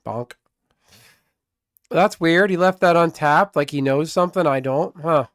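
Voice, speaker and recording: A man's voice: fairly high pitch, measured pace, fairly bright tone, no echo, studio quality. A man streaming live gameplay commentary, muttering to himself and trash-talking his opponent.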